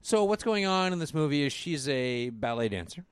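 A man's voice: a little high, very animated, normal speed, smooth, no room sound. A man co-hosting a casual chat, rambling wryly through a movie plot with lots of fillers and mock quotes. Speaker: podcast co-host reviewing a movie.

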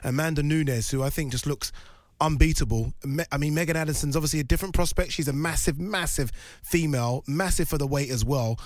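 A man's voice: fairly high pitch, fairly quick, no echo, studio quality. A man co-hosting a sports radio show, talking enthusiastically and emphatically about fight cards. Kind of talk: casual sports chat.

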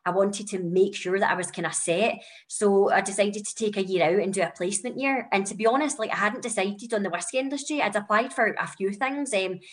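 A woman's voice: medium pitch, a little fast, hardly any pauses. Chatty young Glaswegian woman. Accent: Glasgow. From Scotland. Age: young adult. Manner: chatty storyteller, lots of fillers. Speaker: guest. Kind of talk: conversational podcast interview.

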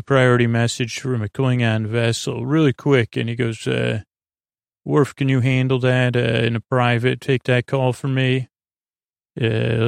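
A man's voice: mid-range voice, gravelly, no room sound, clean studio sound. A man hosting a podcast, casually recapping a TV episode in a rambling way with lots of fillers and restarts.

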